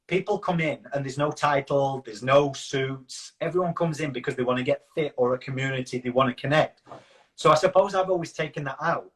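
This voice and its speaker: A man's voice: mid-range voice, fairly bright tone. A man with a Yorkshire accent, a guest in an interview, telling rambling anecdotes in a casual way and acting out what others said. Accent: Yorkshire English. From Yorkshire, England.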